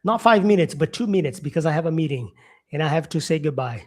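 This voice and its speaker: A Brazilian man speaks English with a Portuguese accent and a slightly high voice. He chats casually on a live stream, answering viewers with lots of ums and uhs. His tone stays easygoing and talkative. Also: expressive, fast talker. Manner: chatty, reading out viewer comments, frequent fillers.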